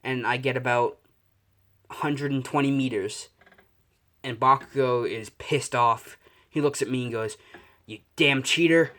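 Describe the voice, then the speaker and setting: A young man improvising a fan story out loud, rambling and correcting himself, swearing casually. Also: mid-range voice, steady tone, measured pace, pauses often.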